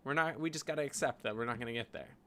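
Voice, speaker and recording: A man's voice: mid-range voice, very fast, fairly bright tone, a little hiss or hum. Canadian guy rambling thru his design stuff, lots of like and you know. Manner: thinking aloud, rambling with frequent "like" and "you know". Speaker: graphic designer. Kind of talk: casual screen-share design vlog.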